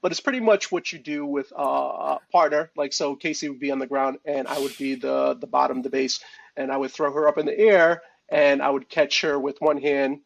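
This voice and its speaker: A man's voice: medium pitch, fairly even intonation, normal speed, gravelly, lo-fi sound. A man hosting a podcast in casual chat, upbeat and laughing often as he quizzes his co-host.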